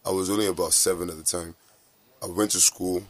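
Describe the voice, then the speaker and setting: Fast-talking Nigerian man, reflective. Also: low voice, fairly even intonation, no room sound. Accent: American-influenced Nigerian English. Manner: reflective, emotional, earnest. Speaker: guest. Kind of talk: personal interview recollection.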